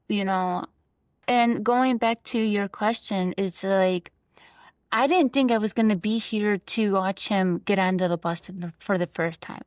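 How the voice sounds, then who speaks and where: A woman's voice: mid-range voice, no echo. A woman in her thirties, an interview guest, talking with emotion and many fillers and restarts. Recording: dull, lo-fi dry recording.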